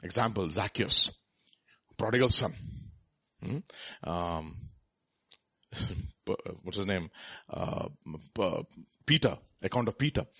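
Husky-voiced man preaching. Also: sits low, slow pace, pauses often. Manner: animated, asks the crowd questions, reads scripture aloud. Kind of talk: sermon Bible teaching.

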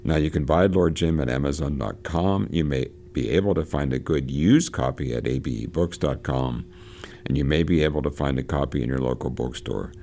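A man who hosts a literature radio show reads passages from a novel aloud and talks them over, halting often with fillers and restarts. His voice rumbles low with a dark tone, and there's a little background noise.

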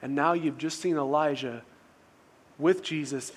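A man's voice: on the high side, steady tone, moderate pace, a little hiss or hum. A male pastor preaching a sermon in a casual, conversational way, often restarting phrases and asking rhetorical questions.

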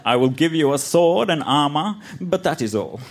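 A man's voice: on the high side, animated, background noise, voice pushed up. A man voicing a menacing male skeleton lord of the undead, drawn out and taunting, on a live festival stage. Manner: slow, drawn-out villain taunts.

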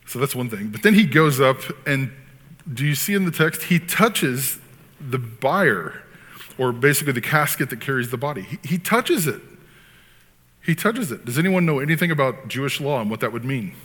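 A man preaching a sermon as pastor, talking in an animated, conversational way with frequent asides. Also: mid-range voice, normal speed. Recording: long hall reverb.

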